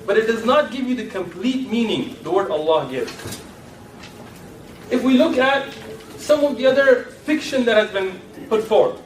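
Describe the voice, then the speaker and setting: A man's voice: sits high, animated, normal speed, slight background noise. A man giving a lecture to an audience in a lecture room, asking rhetorical questions and teasing his listeners. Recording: echoey room from far off.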